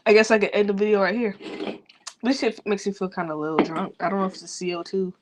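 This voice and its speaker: A woman's voice: medium pitch, steady tone, fast talker, background noise. Woman, grieving, rambling vlog talk, loose, profane, unfiltered. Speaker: vlogger.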